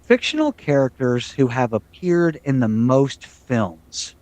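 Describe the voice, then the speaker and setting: A man co-hosting a casual podcast chat, jokey and talkative, his pitch jumping up when he gets excited. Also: slow, no room sound. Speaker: podcast co-host.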